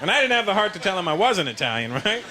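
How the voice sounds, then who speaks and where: Animated stand-up comedian man. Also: sits high, quick pace, very noisy. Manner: animated, storytelling with voices. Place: comedy stage before a large audience. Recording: live show with loud audience laughter.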